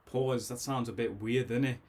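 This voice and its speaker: A man with a Scouse accent talks through an album in a loose, excitable ramble from his bedroom. He sounds a bit tipsy, laughs often and keeps circling back to his points. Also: medium pitch, normal speed. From Liverpool, England. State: tipsy after drinks. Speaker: music reaction host. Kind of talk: casual album reaction. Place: bedroom at home.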